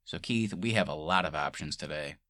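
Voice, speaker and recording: A man's voice: very deep voice, a little fast, sharp tone, no echo, clean studio sound. A man co-hosting a casual movie-review podcast, laughing often and swearing freely as he chats. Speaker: podcast co-host.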